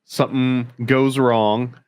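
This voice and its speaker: A man's voice: medium pitch, flat delivery, slow, a little mellow, clear, resonant tone, no echo. Male podcast co-host, medium voice, wry and joking, dry sound. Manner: wry, joking, retells plots. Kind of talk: casual chat.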